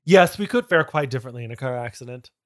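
A man's voice: medium pitch, expressive, fast talker, dry recording, clean studio sound. A man co-hosting a comedy podcast, reading a book aloud with sardonic asides and frequent laughter. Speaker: podcast co-host.

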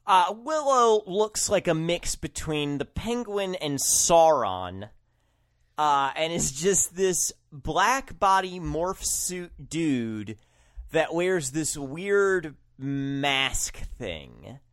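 A man co-hosting a podcast, musing in slow, animated casual chat with fillers. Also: a little high. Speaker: podcast co-host.

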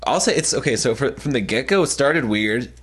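A man speaking in a middle-pitched voice on a podcast. He talks with enthusiasm and quickly agrees with his co-hosts. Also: expressive, a bit bright, breathy edge. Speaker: podcast co-host. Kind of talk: casual chat.

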